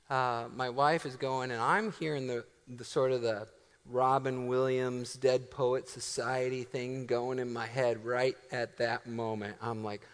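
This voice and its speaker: A male pastor preaching a sermon in a church, telling stories with a lively, self-deprecating delivery. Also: medium pitch, long reverb tail. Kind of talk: sermon storytelling. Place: church sanctuary.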